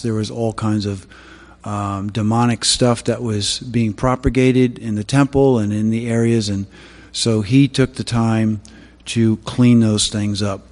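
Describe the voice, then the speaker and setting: A man with a somewhat low voice preaching a sermon, hesitant and casual, full of pauses and restarts. His voice rings out with a long reverb, as in a large hall. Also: darkish tone. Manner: halting, many fillers and restarts.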